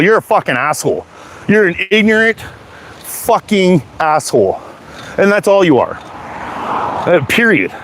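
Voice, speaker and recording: A man with a slightly high voice rants at the camera, angry and heated. He swears in almost every line and repeats himself as he builds up steam. He is walking down a sidewalk outside. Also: sing-song, measured pace, long pauses, fairly bright tone. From Canada. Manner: heated, profane, repetitive swearing.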